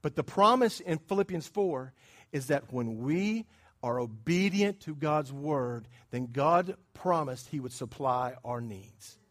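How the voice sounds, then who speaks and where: High-voiced man preaching conversationally. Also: lively intonation, a little slow. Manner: conversational preaching, quizzing the congregation; swings between hushed asides and loud emphatic bursts. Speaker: pastor. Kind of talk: sermon.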